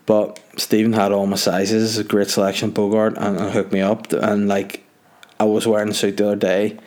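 Young Northern Irish man, slightly low voice, for a loose, self-mocking solo podcast monologue. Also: flat delivery, normal speed, darkish tone. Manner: rambling, jokey, self-mocking. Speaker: podcast host. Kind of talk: casual solo chat.

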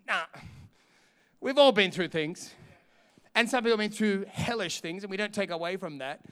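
Middle-aged male preacher, bright and clean, impassioned, in a reverberant hall. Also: sits high, moderate pace, clear, resonant tone. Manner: impassioned preaching that swells to shouts between quieter storytelling. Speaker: pastor. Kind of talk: sermon.

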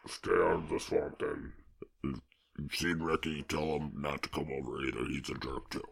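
A grumpy swamp spirit, put on by a man grumbles in a very low, gravelly rasp. He sounds husky and hushed, petty and sulking as he warns people off. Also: steady tone, normal speed, heavily acted. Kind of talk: podcast comedy bit.

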